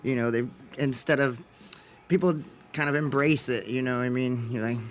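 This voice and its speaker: A man's voice: mid-range voice, fairly even intonation, moderate pace. A man with a Midwestern US accent chats as a guest on a podcast. He tells stories with a joking, easy manner and laughs often. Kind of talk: casual chat.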